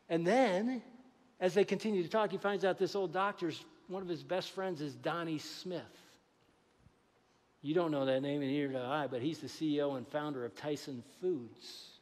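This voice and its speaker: A man preaching a sermon as pastor, animated, acting out conversations with God. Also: a little high, moderate pace, long reverb tail. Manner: animated, acts out dialogue with God. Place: church sanctuary.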